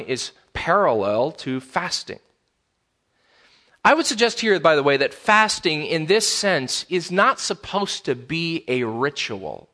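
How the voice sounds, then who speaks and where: A man's voice: fairly high pitch, bright, forceful tone. A man, a pastor, preaching a sermon in a conversational way, repeating key phrases for emphasis.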